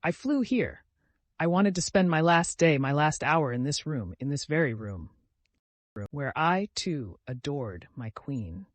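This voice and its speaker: Casual: guy playing a frantic young man blurting out speeches, loud and emotional, lively swings. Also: on the high side, measured pace, no echo. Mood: frantic, overwrought. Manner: loud, impassioned, breathless outbursts.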